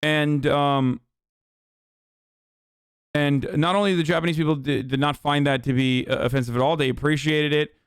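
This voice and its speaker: A man's voice: a little high, fairly even intonation, normal speed, long pauses, smooth, no echo, studio quality. A man from Turkey hosting a livestream, ranting in a heated, profane, argumentative way. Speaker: livestream host. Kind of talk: casual livestream rant.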